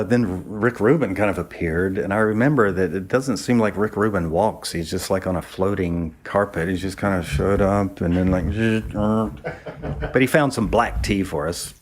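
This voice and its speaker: A man from the American South, a photographer, casually telling a long anecdote and acting out what others said. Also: deep voice. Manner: rambling storyteller who acts out quoted speech. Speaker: photographer guest.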